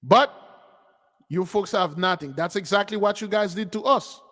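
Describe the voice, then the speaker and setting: Man, online preacher, heated animated commentary, high voice, hall echo. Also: normal speed. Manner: animated, preachy, addresses listeners as beloved. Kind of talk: commentary on news clips.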